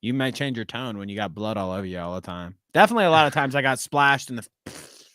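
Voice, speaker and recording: A man chatting casually as a podcast co-host, telling animated stories with plenty of swearing and laughter. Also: mid-range voice, fast talker, clear, resonant tone, no room sound.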